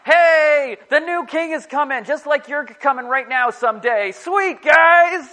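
A man voicing an excited young man in a festival crowd, loud and whooping. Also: very high voice, measured pace, voice pushed up, heavily acted. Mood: hyped.

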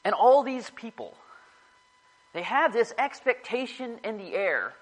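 A man's voice: very high voice, big pitch swings, a little slow, low-quality recording. A man giving a casual, rambling sermon to a small group, often correcting himself as he talks. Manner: rambling, self-correcting, chatty.

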